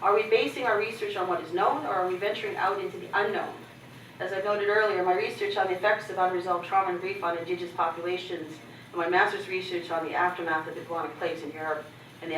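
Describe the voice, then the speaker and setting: A woman's voice: on the low side, a bit bright, a little hiss or hum. A middle-aged woman from Canada giving a keynote address, telling personal stories with candor and humor and acting out other people's lines. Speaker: keynote speaker. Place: conference hall. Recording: echoey hall, mic from a distance.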